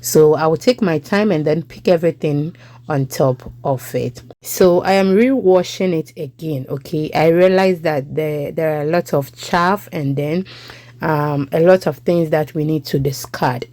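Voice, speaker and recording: A woman's voice: low voice, unhurried, warm tone. A young Ghanaian woman with a Ghanaian English accent, chatting through a cooking voice-over as a home cook and checking in with listeners.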